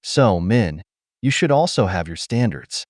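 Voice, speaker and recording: A man's voice: fairly low pitch, very animated, a little slow, no echo, clean studio sound. A man giving blunt, lecturing opinion commentary as a voice-over, talking straight to his viewers. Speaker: commentary channel host.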